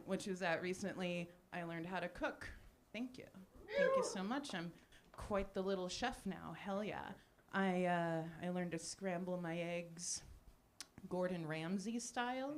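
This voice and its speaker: A woman in her forties doing a live stand-up set with crowd work, deadpan and self-deprecating, with lots of ums and little laughs. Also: on the low side. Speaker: stand-up comedian. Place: small cafe stage with live audience. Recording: noisy live cafe recording.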